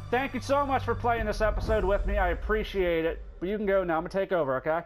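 A man hosting a let's play, joking, excitable and swearing freely as he comments on a game. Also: sits high, fast, few pauses, faint music behind. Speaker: gaming channel host.

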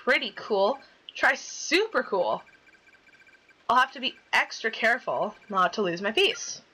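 Animated, bright-voiced woman gamer. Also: fairly high pitch, normal speed, poor audio. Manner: chatty, swears casually, reacts loudly and dramatically. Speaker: gaming YouTuber. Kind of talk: let's play, reading game dialogue aloud.

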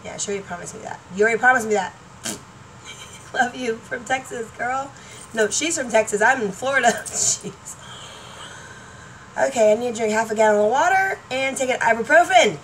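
A middle-aged woman rambles excitedly through a casual home vlog, laughing between thoughts. She sits back from a laptop mic, so her voice sounds somewhat distant, with a faint hum of room noise underneath. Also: a little high, moderate pace, long pauses. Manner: chatty, excitable, laughing often, trailing off. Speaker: YouTuber. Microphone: laptop webcam mic.

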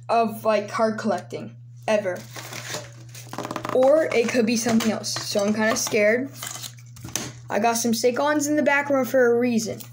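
A woman vlogging casually as she opens her mail, excitable and gushing, often dropping to a hushed, awed voice. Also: fairly high pitch, a little hiss or hum. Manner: excitable, keeps saying "oh my gosh, guys", drops to hushed awe. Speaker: sports card collector vlogger. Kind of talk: casual unboxing vlog.

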